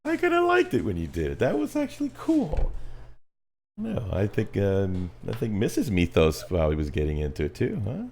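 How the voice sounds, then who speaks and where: A man co-hosting a casual live-stream chat, teasing and animated, with hesitant restarts. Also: on the low side, moderate pace. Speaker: podcast co-host.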